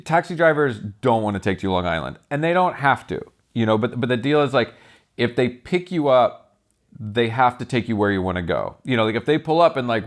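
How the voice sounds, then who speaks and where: A man's voice: medium pitch, animated, a little fast. A man from Texas, a tattooer, telling rambling, profane stories as a podcast guest, breaking into laughter as he talks. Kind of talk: casual storytelling.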